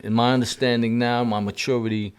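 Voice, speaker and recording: A man's voice: mid-range voice, level tone, brisk, clear, resonant tone. A middle-aged man, telling a story as a podcast guest in streetwise slang. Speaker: guest rapper. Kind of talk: casual storytelling.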